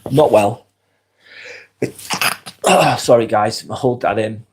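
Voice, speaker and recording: A man with a Lancashire accent, hosting a casual live stream while he has a head cold, talking in a relaxed, earnest way and reading viewers' comments aloud. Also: fairly low pitch, takes it slowly. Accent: Lancashire English. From Lancashire, England. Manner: relaxed, earnest, rambling with fillers and sighs.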